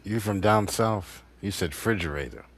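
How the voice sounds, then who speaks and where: A man's voice: fairly low pitch, moderate pace, a crowd in the background. A man teasing a friend about how he talks, on a group call. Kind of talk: casual group chat.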